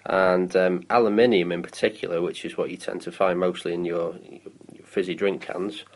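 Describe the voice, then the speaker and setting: A man's voice: low voice, steady tone, normal speed, low-quality recording. A man in his thirties from the UK, chatting on a local show about council recycling with many ums and restarts. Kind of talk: casual radio chat.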